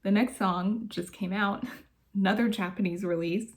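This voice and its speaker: A woman's voice: medium pitch, fairly even intonation, moderate pace. A woman vlogger chatting casually from her bedroom, gushing and laughing often as she talks. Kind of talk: casual chat.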